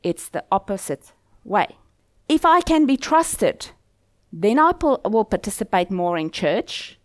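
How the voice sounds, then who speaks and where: A woman's voice: mid-range voice, no echo. Earnest woman preaching, dry close sound. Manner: earnest and steady, posing questions to the listeners. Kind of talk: sermon.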